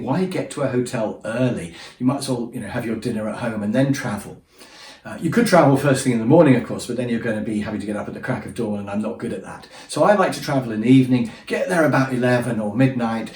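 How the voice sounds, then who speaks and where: Heard from a distance in an echoey room, a storyteller shares his travel tales casually, poking fun at himself and acting out the funny moments. His voice is mid-range and a little mellow.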